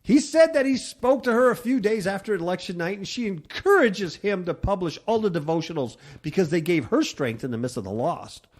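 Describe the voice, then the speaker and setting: A man's voice: high voice, sing-song, fairly quick, few pauses. A man hosting a talk radio show, reading news stories aloud and mocking them with sarcastic asides.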